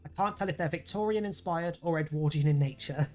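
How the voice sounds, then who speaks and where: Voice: medium pitch, fairly quick, a little mellow, soft background music. A streamer reading a dating game aloud and commenting in a casual, sweary, self-deprecating way.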